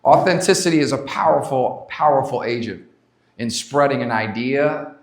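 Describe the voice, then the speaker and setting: A man giving an energetic motivational talk to a live audience at a leadership summit, repeating his points and asking the crowd questions. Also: mid-range voice, moderate pace. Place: conference stage before a live audience.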